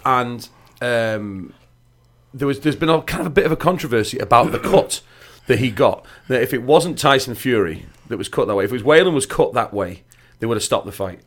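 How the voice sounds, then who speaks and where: A man's voice: mid-range voice, animated, fairly quick, a bit bright. A man co-hosting an interview, asking long, searching questions. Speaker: co-host.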